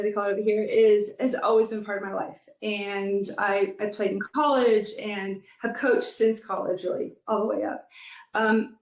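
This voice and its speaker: A woman's voice: mid-range voice, lo-fi sound. Reflective woman on a roomy remote line. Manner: thoughtful, many ums and restarts. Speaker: guest, product leader and youth soccer coach. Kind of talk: conversational interview answers.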